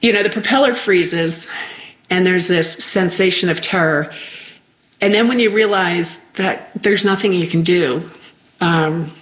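A middle-aged woman telling a personal story as an interview guest, halting and reflective, often trailing off mid-thought. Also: mid-range voice, rough recording.

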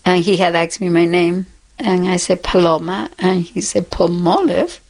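A woman's voice: fairly low pitch, level tone, normal speed, darkish tone, low-quality recording. An older woman in a radio interview, talking candidly and emphatically about her past. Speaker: interviewee, former punk drummer. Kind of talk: reflective interview.

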